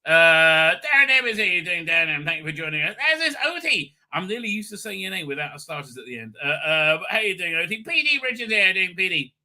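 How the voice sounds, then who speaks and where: Rambling, sharp-voiced male livestream host. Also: high voice, sing-song. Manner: rambling, chatty, quick to laugh. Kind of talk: casual live chat, reading viewer comments.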